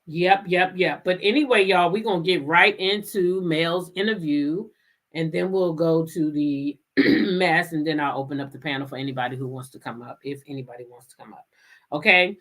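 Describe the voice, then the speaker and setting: With a fairly low pitch and fairly bright tone, a talkative woman hosts her channel's livestream. She laughs frequently and gives drawn-out greetings as she chats casually with viewers.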